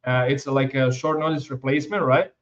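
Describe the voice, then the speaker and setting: A man's voice: mid-range voice, steady tone. Man asking questions over muffled audio. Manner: halting, repeats words, non-native phrasing. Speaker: interview host. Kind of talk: casual interview questions.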